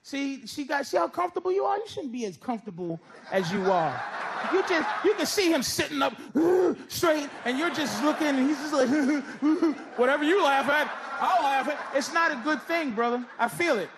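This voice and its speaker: A middle-aged man doing stand-up comedy and teasing people in the crowd, with loose, drawn-out delivery. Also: very high voice, sing-song. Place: comedy club stage with a laughing audience. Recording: live stage recording with crowd and noise. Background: audience laughter.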